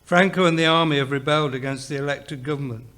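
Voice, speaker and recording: A passionate young woman lays out the politics of a war quickly and firmly. A male reader puts her on, staying close to his own voice. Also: a little high, a bit bright, lightly acted. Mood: explaining.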